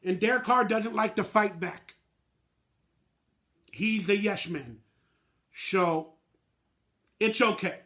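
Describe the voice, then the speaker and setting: High, bright-voiced man ranting. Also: takes it slowly, pauses often. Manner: blunt, emotional, slangy and plainspoken. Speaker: fan channel host. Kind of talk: postgame reaction rant.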